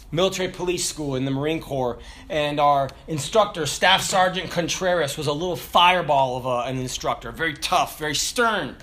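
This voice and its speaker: A man with a notably high voice delivers a sermon. He moves between hushed storytelling and loud, shouted exhortation. A faint hiss of noise sits under the recording. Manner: storytelling, swings from low murmurs to raised shouted passages. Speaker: preacher.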